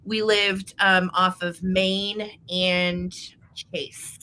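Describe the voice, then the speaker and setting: A woman's voice: on the low side, little pitch movement, drawn-out words, pushed and bright, slight background noise. A woman hosting a live vintage sale, chatting casually and greeting viewers by name in an upbeat way. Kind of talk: casual livestream chat.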